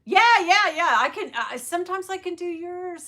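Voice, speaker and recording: With a very high, animated voice and a sharp tone, a middle-aged woman talks at a moderate pace while selling bags on a livestream from her sales floor. She rambles casually and calls out viewers by name.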